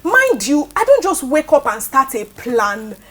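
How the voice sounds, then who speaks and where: A woman with a Nigerian English accent speaks in a high voice, firm and direct. She is a talk show guest, often pausing to ask "okay?" as she makes her case. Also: sing-song, bright, forceful tone. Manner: assertive, checks in with "okay?". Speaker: panel guest.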